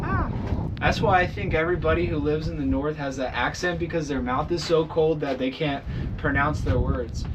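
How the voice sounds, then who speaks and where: A man vlogs from a windy mountaintop, joking and rambling in an easygoing way. His voice sits fairly high for a man, and cold slows his speech a little. Loud wind noise batters the recording outdoors. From Southern United States. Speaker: vlogger. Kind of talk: casual vlog talk.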